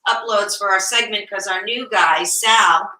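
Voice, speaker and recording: Woman co-host, bright tone, heard a bit off-mic in an echoey cellar, animated and flustered. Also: mid-range voice, a little slow. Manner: animated, easily flustered storyteller. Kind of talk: casual live-show banter. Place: wine cellar. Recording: echoey room, distant mic.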